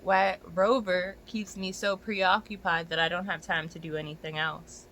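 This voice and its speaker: A young adult dog walker ranting to a phone camera, exasperated and profane, often climbing to near-shouts. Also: medium pitch, flat delivery, normal speed, a little hiss or hum.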